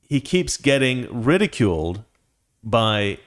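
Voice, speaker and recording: A man's voice: medium pitch, sing-song, takes it slowly. A man hosting his own commentary show, ranting in a heated, indignant way. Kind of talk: political commentary monologue.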